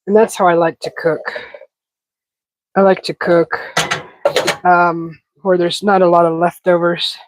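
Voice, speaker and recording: A woman's voice: lowish voice, little pitch movement, unhurried, long pauses, no room sound, poor audio. A woman hosting a casual live cooking stream, sniffling from a stuffy head cold and chatting with viewers as she cooks. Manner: chatty, reads viewer comments aloud while cooking. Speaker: cooking livestream host.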